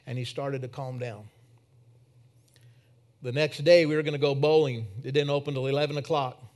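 A man preaching a sermon in church, telling a personal story that swings from emphatic to hushed. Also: mid-range voice, steady tone, moderate pace.

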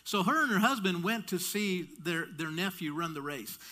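A man delivering a sermon through a long story, his voice high and bright. He tells it in an animated way, doubling back on his words and slipping in light humor. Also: normal speed. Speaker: preacher.

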